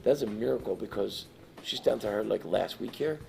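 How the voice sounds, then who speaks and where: Gravelly-voiced man telling a story. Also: lowish voice, normal speed, faint music behind. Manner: animated, emotional, swings loud and quiet. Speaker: guest storyteller. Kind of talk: live storytelling talk.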